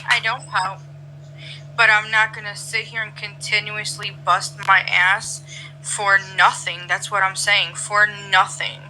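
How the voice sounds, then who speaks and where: Woman, mid-pitch, very bright tone; defensive, complaining roleplay player. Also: flat delivery, unhurried, faint music behind, low-quality recording. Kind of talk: in-character roleplay chat.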